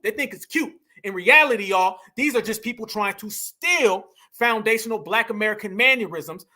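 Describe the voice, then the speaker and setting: A commentary host delivers a heated monologue, emphatic and repetitive, repeating lines and calling his audience family. His voice is high, bright, and forceful.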